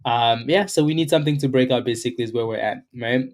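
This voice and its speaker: Talking fast at medium pitch, a man runs a live day-trading stream, greeting viewers and chatting casually about the market. He tends to finish his lines with "right?"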